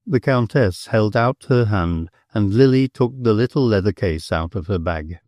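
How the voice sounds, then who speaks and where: A man narrating an audiobook in a measured, expressive storytelling manner on a close mic. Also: lowish voice, dry recording. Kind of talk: scripted narration.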